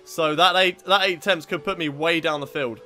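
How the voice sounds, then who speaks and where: Brief: young British gamer guy, high-pitched, sweary and easily riled, live racing commentary over faint game music. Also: moderate pace. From Britain. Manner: frustrated, sweary, shouts at rival drivers. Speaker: gaming YouTuber.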